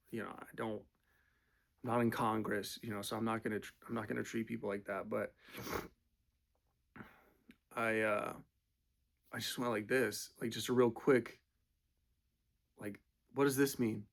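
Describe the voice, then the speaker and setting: Gravelly man telling rambling stories. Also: lowish voice, flat delivery, normal speed, pauses often, a bit bright. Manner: profane, rambling, full of fillers. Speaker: storyteller. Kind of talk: casual storytelling.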